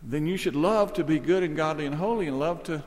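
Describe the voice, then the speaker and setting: A man preaching an expository sermon with earnest conviction, climbing to emphatic peaks and then sinking low and quiet. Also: a little fast, in a large hall.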